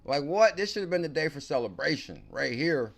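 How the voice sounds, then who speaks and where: A man hosting a casual crypto livestream, excitable and slangy, talking to viewers by name. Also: fairly high pitch, fairly quick, creaky. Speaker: crypto channel host.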